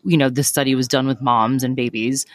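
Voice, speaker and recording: A woman's voice: a bass voice, steady tone, brisk, dry recording. A woman hosting a podcast, chatting casually, agreeing readily and asking eager questions. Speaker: podcast host.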